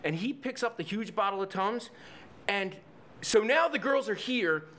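A man, a guest on a podcast, telling a story in a lively way, swearing freely and acting out the people in it. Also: high-pitched, normal speed. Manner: profane, acts out the people in his stories. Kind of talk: animated storytelling.

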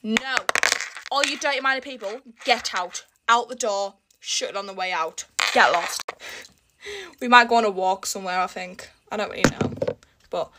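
A young woman chatting through her get-ready-with-me vlog in a rushed, exasperated way, at home. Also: mid-range voice. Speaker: beauty vlogger. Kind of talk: casual get-ready-with-me chat. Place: home, indoors. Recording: noisy room with background cricket sounds. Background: cricket sounds from a smart speaker.

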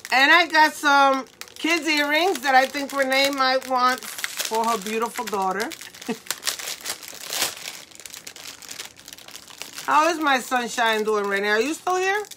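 A woman's voice: high-pitched, takes it slowly, long pauses, bright, forceful tone, a little hiss or hum. Tearful, laughing woman selling jewelry live. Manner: tearful and laughing through words; affectionate, calls viewers mamacita. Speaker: live-stream jewelry seller. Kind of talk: emotional live-stream sales chat.

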